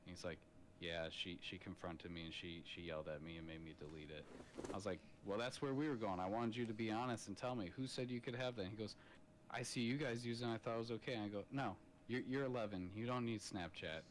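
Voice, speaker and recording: A man in his thirties, a father, talks fast in a fairly low voice on a podcast, telling stories in a blunt, profane way. It's casual podcast chat on a podcast mic, with a noisy background.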